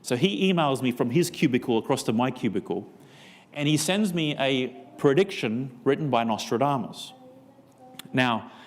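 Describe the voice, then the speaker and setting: A man's voice: medium pitch, long reverb tail. A man preaching a seminar sermon, telling a story and acting out both sides of a conversation. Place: church.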